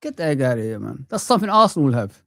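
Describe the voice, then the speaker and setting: A man's voice: medium pitch, sing-song, racing, vocal fry, fairly bright tone, no room sound, studio quality. A man in his thirties or forties ranting with passion on a live football watch-along stream, sweary and peppering his talk with "man". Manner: impassioned ranting, sweary, frequent "man" tags.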